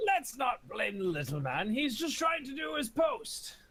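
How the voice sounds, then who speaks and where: Husky high-voiced man, swooping and jokey. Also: big pitch swings, a little slow, bright, forceful tone. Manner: breezy, jokey, mock-dignified. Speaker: player voicing his cleric. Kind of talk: tabletop game role-play.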